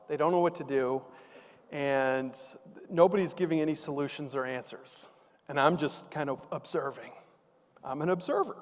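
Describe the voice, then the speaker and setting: A man's voice: fairly high pitch, moderate pace. A man, a motivational keynote speaker, telling a humorous story on stage with playful asides to the audience, on a stage mic in a large hall. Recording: reverberant conference hall.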